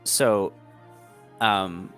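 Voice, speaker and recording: A man narrating a tabletop game as game master, relaxed and descriptive. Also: fairly low pitch, extremely slow, smooth, faint music behind.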